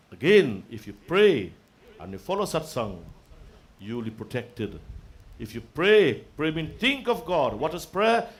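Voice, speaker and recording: A man giving a devotional sermon, calling out invocations and dropping to quiet asides. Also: on the high side. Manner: preaching with sung-out invocations and dropping to soft asides. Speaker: religious speaker. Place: religious festival gathering.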